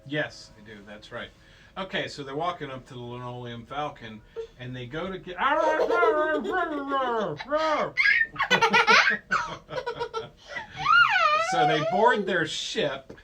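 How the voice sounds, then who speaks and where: A man's voice: medium pitch, big pitch swings, moderate pace, noisy background. A man casually retelling a film story to a child at home, playful and rambling, slipping into goofy voices.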